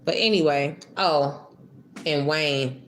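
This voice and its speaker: Young woman vlogger, low voice, emotional rambling storyteller, profane, faint room hum. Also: slow. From Michigan. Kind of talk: casual storytime.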